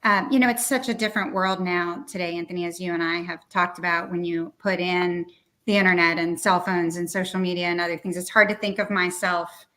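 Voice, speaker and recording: A woman from a small town who hosts a podcast, asking questions in a thoughtful, measured way. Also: fairly low pitch, steady tone, a bit bright. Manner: thoughtful, measured, with frequent "um" fillers. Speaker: podcast host and interviewer. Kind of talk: conversational interview.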